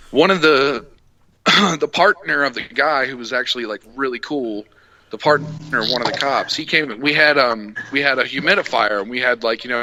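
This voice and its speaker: A man's voice: medium pitch, pushed and bright, a little hiss or hum, low-quality recording. A man telling a crude story in casual podcast chat, voicing both sides of the exchanges he describes. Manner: crude, laid-back storytelling with quoted exchanges.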